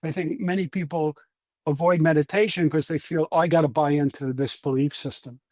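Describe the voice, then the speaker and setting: Brooklyn guy, kinda high voice, patient explainer in an interview, dry room. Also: fairly even intonation, fairly quick, dark tone, no room sound. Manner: patient, lecturing, with frequent restarts. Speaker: breathing scientist guest.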